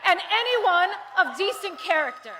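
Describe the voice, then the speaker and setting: A woman from the United States giving an impassioned political rally speech, moving from hushed, earnest talk to rousing shouts. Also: very high-pitched, sing-song, normal speed, very noisy. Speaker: rally speaker. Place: large rally venue with a cheering crowd.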